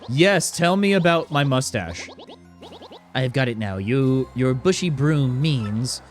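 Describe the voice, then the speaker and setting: Man playing a smug, theatrical bob-omb fortune-teller, deliberate and low. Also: expressive, faint music behind, lightly acted. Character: smug bob-omb mustache analyst, male.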